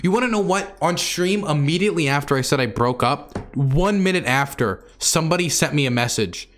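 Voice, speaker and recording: A man's voice: a little high, animated, brisk, a bit bright. A man telling a story to his stream audience in a candid, exasperated, rambling way full of fillers.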